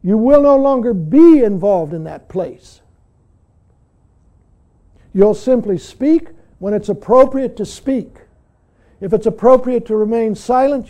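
A man's voice: sits high, dark tone. An older man, a Zen teacher, giving an earnest dharma talk that keeps returning to "see". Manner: earnest, frequently says "see".

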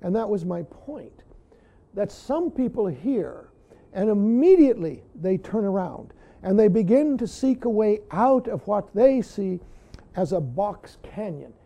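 A man giving a dharma talk to his students, often saying "see" and pausing for emphasis. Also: high voice, sing-song, vocal fry, dark tone. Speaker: Zen teacher.

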